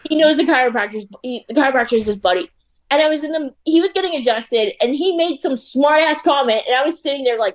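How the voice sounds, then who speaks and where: A young woman chatting casually as a show guest, talking fast and loose with lots of "like" and frequent laughter. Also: high voice. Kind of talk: casual chat.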